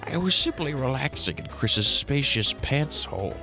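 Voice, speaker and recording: A man's voice: mid-range voice, very animated, moderate pace, music in the background, voice pushed up. A man voicing a goofy, boastful young male spade prince with a silly sing-song delivery. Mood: goofy cheerful.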